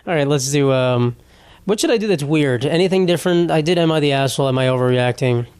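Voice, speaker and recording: A man's voice: fairly high pitch, quick pace, darkish tone, clean tone, dry recording. A young man hosting a casual solo podcast, rambling and profane, laughing as he reads posts aloud. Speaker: podcast host.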